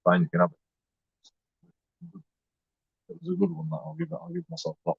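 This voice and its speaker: A man's voice: on the high side, big pitch swings, rapid-fire, creaky, breathy edge, no echo. A man, a YouTube vlogger rambling in a boastful, jokey way, swearing and laughing as he talks. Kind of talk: casual rambling monologue. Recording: dull lo-fi dry sound.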